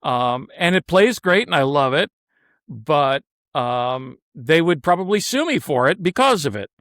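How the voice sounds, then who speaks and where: A man's voice: fairly high pitch, sing-song, unhurried, fairly bright tone, dry recording. Blunt, opinionated man, dry close sound. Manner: blunt, opinionated, swears freely. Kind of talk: casual chat.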